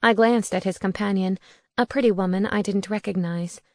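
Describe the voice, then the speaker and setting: A woman's voice: mid-range voice, fairly even intonation, normal speed, a little mellow, no echo. A woman narrating a first-person audiobook in a wry, conversational way on a close studio mic.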